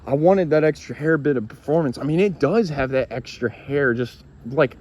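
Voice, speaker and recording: A man's voice: on the high side, animated, normal speed, few pauses, a little mellow. A man casually reviewing a gadget for his viewers, rambling and retelling a friend's reactions with some swearing. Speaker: YouTube reviewer.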